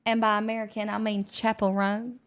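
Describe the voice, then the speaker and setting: A woman's voice: medium pitch, little pitch movement, normal speed. A young adult woman streaming, reading chat aloud in a playful, teasing casual chat.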